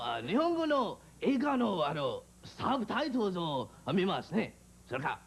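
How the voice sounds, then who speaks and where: A man's voice: high-pitched, vocal fry, a little hiss or hum, exaggerated voice. A man doing a frantic Japanese comic. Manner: rapid, erratic, jumbled patter. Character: manic Japanese stand-up comic, young man. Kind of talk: late-night stand-up bit.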